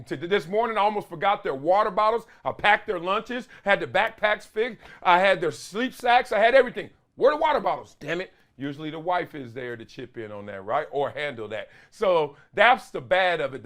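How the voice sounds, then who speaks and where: A man hosting his own show, telling family stories in a casual, animated way full of slang and loud exclamations. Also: high voice, fairly quick, hardly any pauses. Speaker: show host; father and youth coach. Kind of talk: casual solo talk-show monologue.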